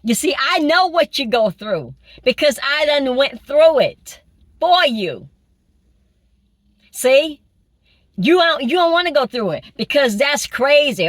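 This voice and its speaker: High-voiced lady preaching slow, repeats herself a lot, asks questions back, dry close sound. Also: very animated, no echo. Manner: emphatic, repeats phrases, rhetorical questions. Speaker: spiritual preacher. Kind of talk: informal spiritual sermon.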